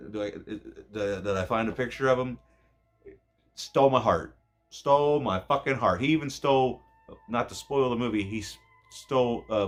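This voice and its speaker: A man giving a casual, rambling movie review, swearing often and cutting himself off mid-thought. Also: pushed and bright. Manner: profane, rambling, self-interrupting; voice jumps high when emotional.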